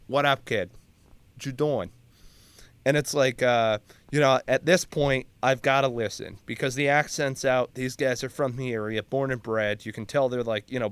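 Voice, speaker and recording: A man's voice: mid-range voice, smooth. A man, a Marine veteran, telling war-time stories in casual, profane chat. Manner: profane, animated storyteller. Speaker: Marine veteran podcast co-host.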